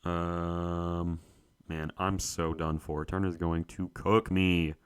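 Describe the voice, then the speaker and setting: Low-voiced young man muttering through a quiz. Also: flat delivery, slow pace, clean tone. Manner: muttering, self-talking, searching for names. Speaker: co-host. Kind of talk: solo quiz play-through, thinking aloud.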